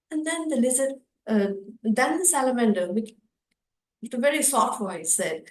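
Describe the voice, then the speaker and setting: Expressive woman telling a children's story. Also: sits high, normal speed, reverberant, low-quality recording. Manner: expressive, repetitive, with fillers. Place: storytelling festival session.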